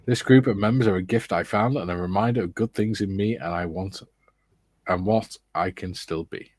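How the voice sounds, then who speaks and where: A middle-aged man co-hosting a relaxed hobby livestream, reading viewers' comments and adding dry teasing remarks. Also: sits low, moderate pace, dry recording. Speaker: co-host of a model-building livestream. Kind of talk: casual chat reading out live comments.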